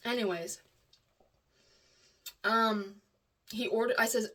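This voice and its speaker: A woman's voice: mid-range voice, unhurried, a bit bright. Woman, candid emotional storyteller, some distance from the mic. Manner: emotional, rambling, restarts often.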